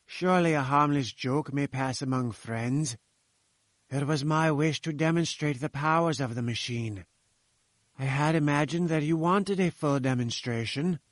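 A sly male inventor with a smooth, wheedling manner, read by a man. The voice sits a little high. The sound is dry and close. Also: a little slow, dry recording, close to an everyday voice. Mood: babbling.

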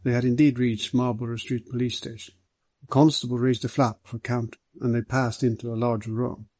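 Guy reading an audiobook, steady and measured, husky mellow voice, dry close sound. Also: mid-range voice, no echo, poor audio. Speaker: narrator. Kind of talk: audiobook narration.

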